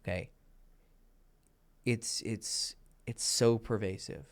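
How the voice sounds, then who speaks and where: A man's voice: on the low side, fairly even intonation, slow pace. A man giving crude, blunt dating advice in a casual, lecturing monologue, full of profanity. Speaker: dating coach.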